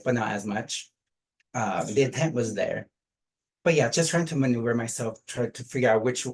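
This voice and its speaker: Halting man talking through his game. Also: medium pitch, darkish tone, rough recording. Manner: halting, searching for words. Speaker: game finalist. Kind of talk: casual online call.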